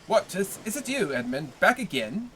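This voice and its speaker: A man's voice: high voice, sing-song, moderate pace, bright, forceful tone, slight background noise, voice pushed up, exaggerated voice. A man reading aloud, voicing a grizzled, worldly male tailor neighbor who talks in a hearty, overly familiar way.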